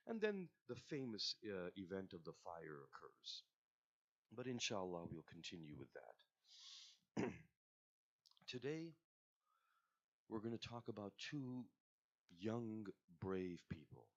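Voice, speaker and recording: Expressive male storyteller at a religious gathering. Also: sits low, unhurried, pauses often, lo-fi sound. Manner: expressive, addresses listeners directly. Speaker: majlis speaker. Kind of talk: storytelling sermon. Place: religious centre.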